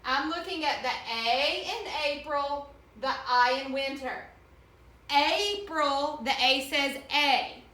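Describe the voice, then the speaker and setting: A woman teacher giving an online reading lesson to children, slowly and clearly sounding out the vowels in each word. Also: high-pitched, bright, forceful tone, roomy sound.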